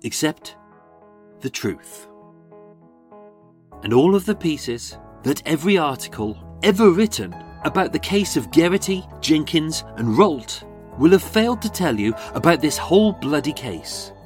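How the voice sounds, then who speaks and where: A man with a Birmingham accent narrating a true-crime walking tour as its host, sardonic and sweary, with dramatic pauses. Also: fairly high pitch, very animated, faint music behind. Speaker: podcast host and tour guide.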